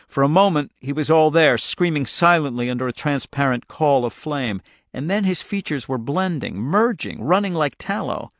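A man reading a novel aloud as an audiobook narrator, telling the story in a steady, measured way. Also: medium pitch, dry recording, clean studio sound. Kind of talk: scripted narration.

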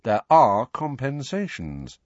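A man's voice: mid-range voice, sing-song, normal speed, a bit bright, no room sound, highs cut off, pitched above the performer's own voice. A man voicing a smirking teenage boy, a joking twin, in an audiobook. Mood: wry. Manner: wry, smirking. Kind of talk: audiobook character voice.

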